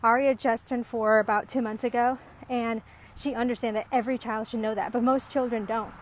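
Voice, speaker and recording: A woman's voice: fairly high pitch, steady tone, a little fast. A woman talking to camera as a parent in a casual, reflective monologue, rambling with many ums and restarts, earnest and growing emphatic. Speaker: parent vlogger.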